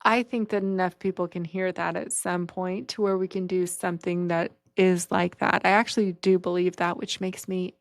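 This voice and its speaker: A woman's voice: lowish voice, level tone, normal speed, hardly any pauses, no room sound. A woman in her forties hosting a podcast, telling a long story in a frank, rambling way with casual swearing. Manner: frank and profane, rambling asides. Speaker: podcast host.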